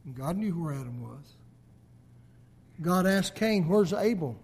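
A man preaching a sermon, swinging between loud emphatic peaks and hushed low endings. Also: lively intonation, slow, husky.

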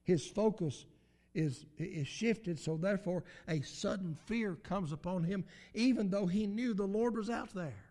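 A man's voice: high voice, measured pace, warm tone. A man preaching a sermon in an emphatic, repetitive cadence, with swells of volume.

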